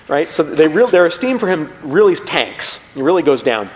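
A man preaching a lively, conversational sermon, acting out the people he quotes. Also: on the high side, fast, few pauses. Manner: animated, conversational, acts out quotes. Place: church. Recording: long hall reverb.

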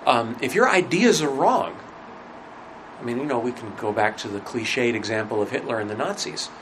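This is a man teaching religion in a loose, lecture-style chat, animated and mid-pitched, who throws out rhetorical questions and pauses often with fillers. There's noise behind him.

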